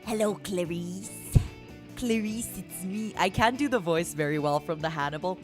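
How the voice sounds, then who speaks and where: A woman streamer chatting playfully, teasing her viewers as honey and swinging between loud mock-dramatic outbursts and soft murmurs. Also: lowish voice, lively intonation, moderate pace, over music. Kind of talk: playful solo stream chat.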